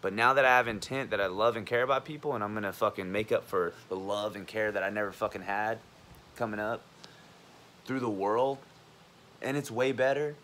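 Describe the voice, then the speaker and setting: A young man in his twenties talks to camera in an unscripted, heated monologue, full of swearing and restarts. His voice sits on the low side, and a faint hum of background noise lies under it. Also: steady tone, a little fast, fairly bright tone. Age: 20s. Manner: heated, profanity-laden, rambling. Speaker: college student vlogger.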